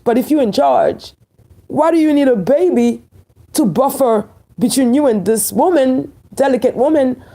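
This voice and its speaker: A woman with a Haitian accent delivers a fiery opinion commentary to her viewers. Her voice is mellow and a little husky, and her pitch swings widely. She preaches each point and repeats key phrases slowly for emphasis.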